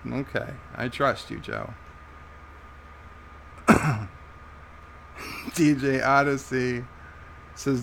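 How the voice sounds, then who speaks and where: An American man hosts a relaxed live stream and reads viewers' messages aloud at an unhurried pace. His voice sits at an ordinary male pitch, and his delivery is amused and halting. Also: gravelly, slight background noise. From United States. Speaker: livestream host reading chat. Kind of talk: casual live-stream chat.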